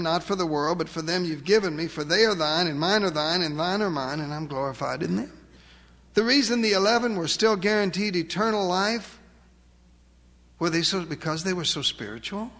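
A man preaching a sermon, emphatic, asking rhetorical questions and slowing down to stress key words. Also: high voice, a bit bright, long reverb tail. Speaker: pastor.

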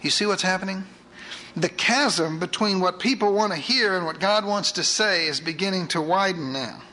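A man preaching a sermon, retelling scripture with lively asides to his congregation. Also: high-pitched, moderate pace, a little hiss or hum, low-quality recording. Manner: animated storytelling with asides to the congregation.

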